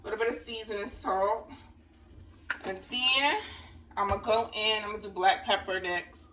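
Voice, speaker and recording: A woman's voice: medium pitch, fairly even intonation, normal speed, bright, forceful tone, far from the mic. Chatty woman cooking in her kitchen. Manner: chatty, talks straight to viewers, calls them honey. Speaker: vlogger. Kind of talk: casual cooking vlog. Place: home kitchen. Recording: voice a bit off-mic with faint room noise.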